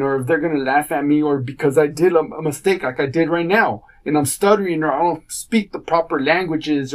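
A man hosting his own podcast, talking in a casual rambling monologue and acting out what people said to him. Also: on the high side. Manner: rambling storytelling, acts out quotes. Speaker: podcast host.

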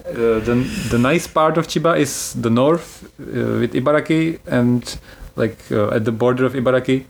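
A chatty man hosts a casual travel podcast in an ordinary mid-range voice. He explains things loosely, with frequent fillers and quick laughs. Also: medium pitch, vocal fry. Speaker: podcast host.

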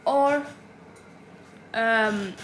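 High-voiced young woman in an echoey room. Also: a bit bright. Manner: rambling, rushed, laughing storyteller. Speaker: podcast co-host. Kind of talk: casual chat. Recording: echoey room with light noise.

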